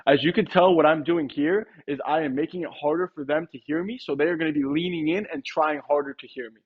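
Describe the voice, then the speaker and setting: A man with a fairly high, husky voice coaches door-to-door sales reps in a direct, casual way. The recording sounds muffled and lo-fi. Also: a little fast, few pauses. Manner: direct, coaching, acts out tone examples. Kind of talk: casual sales training talk.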